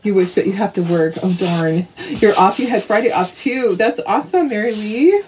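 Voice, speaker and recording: A woman's voice: mid-range voice, animated, moderate pace, darkish tone. Brief: older woman craft host, friendly running chatter as she paints, laughs a lot, faint background noise. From Canada. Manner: chatty, laughs often, talks to viewers. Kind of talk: casual chat while painting crafts.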